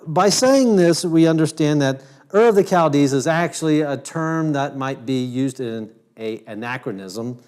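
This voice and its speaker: A man's voice: mid-range voice, a little mellow. A man from Ohio giving a lecture to camera as host, talking in a conversational way with frequent restarts. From Ohio, United States.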